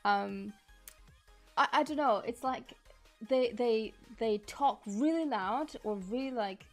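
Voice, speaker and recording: A woman's voice: a little high, takes it slowly, soft background music. A woman streamer chatting casually while she sculpts, reading chat aloud, laughing often and apologizing.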